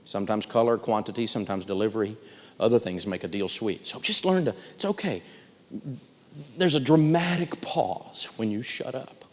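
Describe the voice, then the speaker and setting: A man teaching personal finance in a live seminar, telling stories with big swings in pitch. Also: normal speed, big-room sound.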